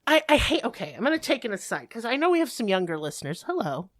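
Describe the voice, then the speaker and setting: A woman's voice: a little high, sing-song, rapid-fire. A woman co-hosting a podcast, explaining things in a casual, emphatic way with frequent swearing and mock rants. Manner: profane, ranting, emphatic explainer. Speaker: podcast co-host explaining a topic.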